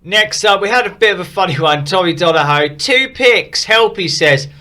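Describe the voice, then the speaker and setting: A man's voice: sits high, lively intonation, normal speed, pushed and bright. A man casually reviewing and rating viewers' fantasy football teams, frank and opinionated but upbeat. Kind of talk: casual commentary.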